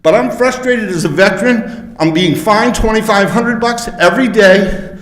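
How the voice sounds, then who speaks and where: A man's voice: sits high, normal speed, a bit bright. A man giving an emotional public comment at a council podium, pleading and frustrated. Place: council chambers. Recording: echoey hall.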